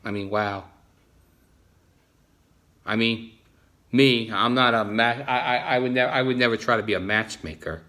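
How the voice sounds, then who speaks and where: Rambling New Jersey man, bright voice. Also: medium pitch, unhurried, pauses often. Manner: repetitive, frequent restarts. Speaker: vlogger. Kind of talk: casual rambling monologue.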